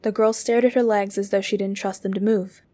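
A woman narrating a work of fiction aloud in a steady, expressive reading voice. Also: mid-range voice, brisk.

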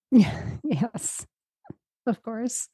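A woman's voice: on the high side, lively intonation, extremely slow, dark tone, husky, dry recording, clean studio sound. A woman co-hosting a podcast, speaking frankly in easy conversation. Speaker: podcast co-host. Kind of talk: casual chat.

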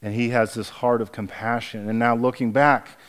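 A pastor in his forties preaching a sermon, speaking hushed and halting through a painful memory, then rising and emphatic as he preaches. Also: medium pitch, level tone, clean tone. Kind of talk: sermon with personal storytelling.

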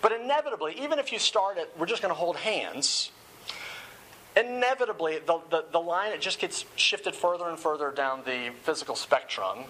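A man's voice: on the high side, expressive, brisk, few pauses, pushed and bright, slight background noise, low-quality recording. A man giving a sermon-style talk, often repeating words as he starts phrases.

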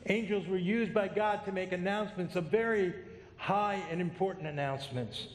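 A man's voice: high voice, moderate pace. A middle-aged man preaching a sermon as a pastor, conversational, with self-deprecating humor. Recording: echoey hall.

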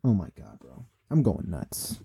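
A man casually recapping a comic chapter, excitable and repetitive, talking straight to his viewers. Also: low voice, unhurried, gravelly, slightly rough, no room sound, clean studio sound. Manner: excitable, repetitive, speaks to viewers as guys and bro. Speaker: manga recap vlogger.

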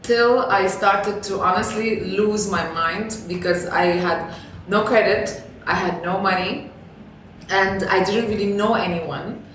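A woman's voice: mid-range voice, a little slow. A young woman, a non-native English speaker, tells a personal story as a podcast guest, talking casually with lots of fillers and laughs. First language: not English. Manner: animated, laughing, many fillers like "like". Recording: echoey room, distant mic, faint noise.

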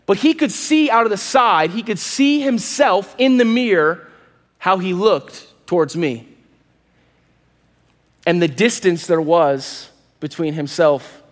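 Pastor guy in his 30s, high voice, animated preaching, big echoey church hall. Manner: animated storytelling, quick asides to the audience. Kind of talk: sermon with a personal story. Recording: long hall reverb.

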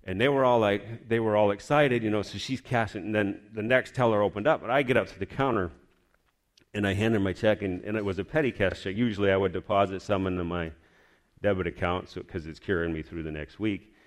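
Casting: man, lowish voice, casual testimony, rambling and animated. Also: brisk. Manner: rambling, restarts often, animated retelling. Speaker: storyteller sharing a personal testimony.

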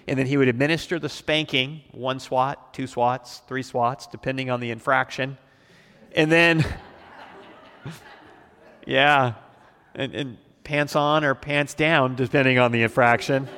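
A man's voice: medium pitch, a little slow, pauses often, a bit bright, long reverb tail. A middle-aged male pastor teaching the Bible verse by verse, telling folksy stories with frequent chuckles.

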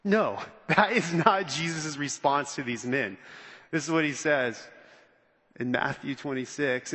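High, bright-voiced man preaching. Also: measured pace, slightly rough, long reverb tail. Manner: animated, conversational, acts out quotes. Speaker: pastor. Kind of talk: sermon.

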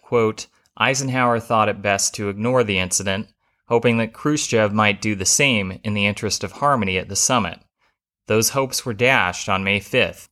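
A man hosting a history podcast, reading a scripted narration in a measured way, with the odd wry aside. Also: lowish voice, pushed and bright.

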